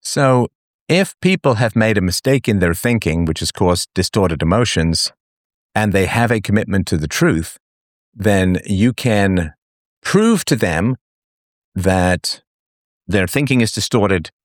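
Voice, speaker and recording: A man's voice: lowish voice, expressive, unhurried, no room sound, studio quality. A man hosting a call-in advice talk, explaining step by step and often checking in with "right?".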